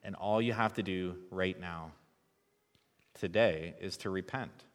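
A man preaching a sermon as pastor, relaxed and conversational, joking with the congregation. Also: low voice, measured pace, long reverb tail.

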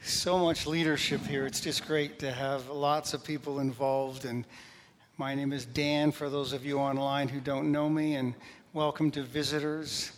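A man preaching as pastor, telling funny stories in an animated, joking way. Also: mid-range voice, a little slow, a little hiss or hum. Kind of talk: sermon with humorous stories. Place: church sanctuary. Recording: long reverb of a church hall.

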